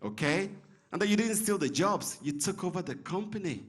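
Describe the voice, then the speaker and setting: Lively, teasing stand-up comic man. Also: sits high, normal speed. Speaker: stand-up comedian. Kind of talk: stand-up comedy set. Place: comedy club on stage.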